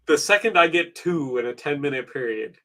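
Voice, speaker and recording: A man's voice: fairly high pitch, expressive, brisk, sharp tone. A man in his thirties chatting casually on a stream, rambling, wry and full of swearing. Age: 30s. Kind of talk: casual chat.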